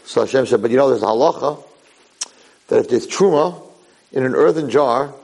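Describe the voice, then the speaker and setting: Recorded roughly, this rabbi's medium-pitched voice is gravelly with a breathy edge and a slightly fast delivery. During his Torah lecture he tells animated stories, voicing each character himself.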